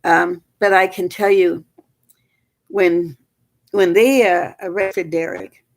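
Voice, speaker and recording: An older woman with a somewhat low voice tells a family story in a loose, rambling way. She stumbles through restarts and fillers. She grows animated as she relives the key moments. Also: slow. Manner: animated, rises sharply when reliving moments. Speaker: storyteller recounting family events. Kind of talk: casual spoken storytelling.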